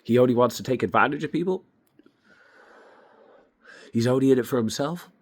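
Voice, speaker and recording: A man's voice: mid-range voice, normal speed. A young man giving a blunt, emphatic opinion monologue to camera, swearing freely. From Ireland. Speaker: vlogger.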